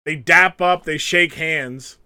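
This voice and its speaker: Animated high-voiced man telling stories. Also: slow, clear, resonant tone. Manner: animated storyteller acting out quotes. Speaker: podcast co-host. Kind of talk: casual wrestling chat.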